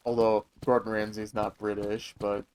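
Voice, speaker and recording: A man's voice: fairly low pitch, level tone, moderate pace, a little mellow, slight background noise, rough recording. A young man from Michigan, chatting casually and joking with his live-stream viewers. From Michigan, USA. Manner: chatty, joking, answering chat.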